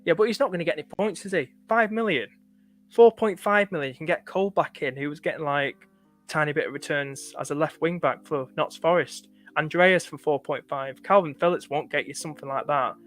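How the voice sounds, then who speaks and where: Chatty northern English lad streaming. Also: male voice, on the high side, brisk, a bit bright, soft background music. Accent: northern English, light. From north of England. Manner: chatty, thanks viewers often, many fillers. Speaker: livestream host. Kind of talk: casual live-stream chat.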